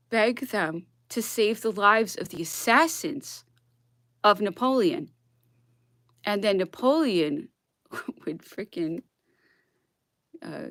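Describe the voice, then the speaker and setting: Woman ranting to her camera, worked up and near tears, whispers bits, mid-pitched voice, dry sound. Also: a bit bright, no echo. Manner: emotional, drops into whispered asides, near tears. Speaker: vlogger reading history aloud. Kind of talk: impassioned solo monologue.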